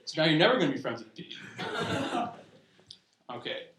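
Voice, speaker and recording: A man's voice: on the high side, sing-song, normal speed. A young man performing a stand-up comedy set at a live show, rambling and restarting his sentences as he goes. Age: young adult. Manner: rambling, self-interrupting delivery with restarts. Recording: roomy live recording with faint noise. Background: audience laughter.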